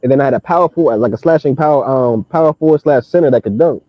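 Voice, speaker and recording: A young man in casual chat, telling an animated story full of slang and laughter. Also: mid-range voice, fast, no room sound. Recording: dull lo-fi sound.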